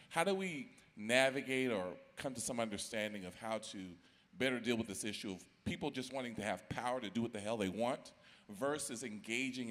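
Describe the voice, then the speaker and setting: A man's voice: on the low side, a bit bright. A man asking a long, rambling question at a conference, searching for his words. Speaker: audience questioner. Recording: long hall reverb.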